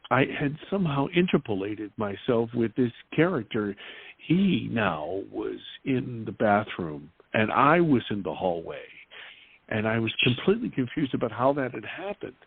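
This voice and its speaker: A man in his fifties earnestly retelling a personal experience as an interview guest, halting and restarting as he goes. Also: mid-range voice, gravelly, slightly rough, no echo. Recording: tinny dry phone-like line.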